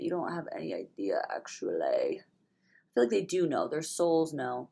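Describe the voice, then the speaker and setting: Low-voiced, stuffy, rambling young woman. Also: huge pitch swings, normal speed, creaky, dark tone, slightly rough. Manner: rambling and candid, swears freely, with sudden whispered asides. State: hungover and stuffy-nosed. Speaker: vlogger. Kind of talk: casual spiritual vlog monologue.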